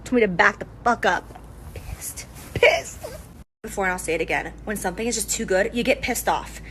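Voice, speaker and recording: A woman's voice: medium pitch, fast, fairly bright tone, slight background noise, low-quality recording. Gushing, giggly woman doing a makeup tutorial. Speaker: beauty influencer.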